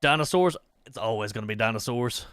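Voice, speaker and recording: A man's voice: medium pitch, expressive, fairly quick, a bit bright, smooth, no room sound, clean studio sound. A young man streaming a horror game live, chatting and rambling between startled yelps and swearing. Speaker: gaming streamer. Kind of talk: live horror gameplay commentary.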